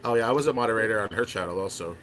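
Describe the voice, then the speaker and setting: A man's voice: fairly low pitch, rapid-fire, over a noisy crowd. A man, a chef, sharing emotional, rambling memories of a friend on a live stream. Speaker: chef and former channel moderator.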